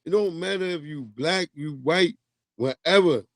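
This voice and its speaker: A man's voice: a little high, measured pace, no room sound, studio quality. A man hosting a livestream, ranting profanely in casual commentary and laughing through it. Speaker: livestream host.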